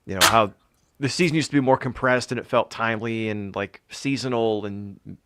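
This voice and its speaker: A man co-hosting a podcast in a relaxed, conversational chat. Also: on the low side, normal speed, noisy background. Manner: relaxed, conversational, laid-back. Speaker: podcast co-host.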